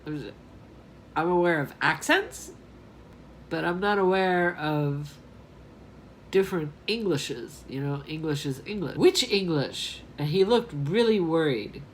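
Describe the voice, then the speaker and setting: A woman from New York chats to camera in a low-set voice that swings up and down a lot. She drawls slowly through a rambling, repetitive vlog story, laughing at herself along the way. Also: animated, a little hiss or hum. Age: 20s. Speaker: vlogger.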